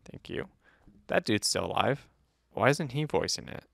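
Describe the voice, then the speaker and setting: A man co-hosting a movie review podcast, talking casually and teasing his co-host, with a gravelly voice. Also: on the low side, expressive, moderate pace, fairly bright tone, no echo, clean studio sound. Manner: playful, teasing, lots of fillers.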